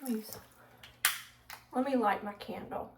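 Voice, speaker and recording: A woman's voice: on the high side, a little slow, noisy background. A middle-aged woman, rambling casually through a home vlog in her living room and often trailing off to start over. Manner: rambling, chatty, trails off and restarts. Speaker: vlogger.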